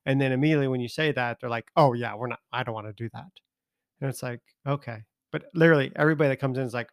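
A man's voice: medium pitch, racing, dry recording, studio quality. A man co-hosting a podcast, talking in a laid-back, hesitant way. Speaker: podcast co-host. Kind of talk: casual chat.

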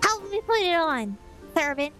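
A woman voicing an excited little girl of about six, giddy and bossy. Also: very high-pitched, unhurried, faint music behind, voice pushed up, exaggerated voice.

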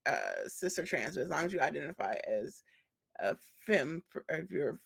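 Animated woman chatting, laughing often. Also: deep voice, normal speed, vocal fry, slightly rough. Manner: animated, laughs often, acts out quoted voices. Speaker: podcast co-host. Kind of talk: casual chat.

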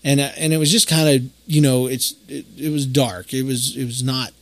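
A man's voice: medium pitch, steady tone, moderate pace, dry recording. A middle-aged man, hosting a podcast and telling stories in a rambling, folksy way with many fillers. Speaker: podcast host. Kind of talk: casual storytelling monologue.

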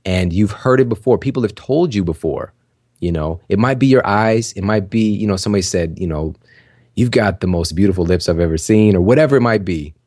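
A man with a very low, deep voice talks to his listeners as a podcast host. He gives encouraging advice in a loose, chatty way, full of fillers. The sound is dry and close, with no room echo. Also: fairly quick, darkish tone. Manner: conversational, full of "you know" and "like" fillers; encouraging, addresses listeners directly. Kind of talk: casual motivational talk.

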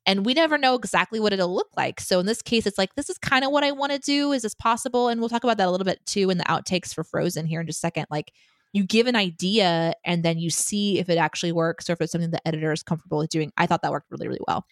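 Chatty woman with a lowish voice. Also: rapid-fire, no room sound, studio quality. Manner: chatty, laughs often, many fillers. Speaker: podcast co-host, writer. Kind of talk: casual chat.

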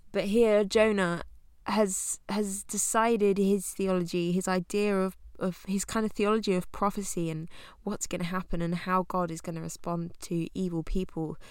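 A young woman teaching through a Bible book in a relaxed, conversational way, often laughing as she talks. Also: medium pitch, moderate pace, few pauses, smooth, no room sound, studio quality.

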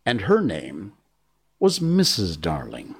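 A man voicing a motherly young girl telling a bedtime story to a group of boys, with a gentle, patient tone. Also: low voice, huge pitch swings, takes it slowly, breathy edge, full character voice. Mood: storytelling.

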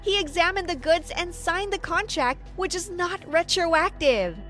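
A woman with a high, light voice tells a first-person story with dramatic storytelling flair. Soft music plays faintly under her narration, keeping a steady podcast feel. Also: measured pace.

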